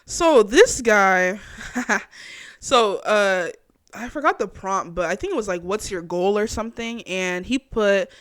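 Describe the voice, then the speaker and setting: A young woman hosting her own chat show, reacting in a casual, animated, slangy way and laughing often. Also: mid-range voice, slow pace, no echo, studio quality. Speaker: podcast host.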